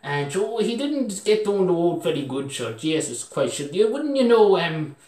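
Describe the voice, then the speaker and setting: Brief: young Irish man, lively up-and-down delivery, meandering comic yarn, roomy echoey room. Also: high-pitched, moderate pace. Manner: meandering, full of fillers like "sure, Jesus", chuckles at his own jokes. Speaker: storyteller. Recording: roomy echo, mic far off.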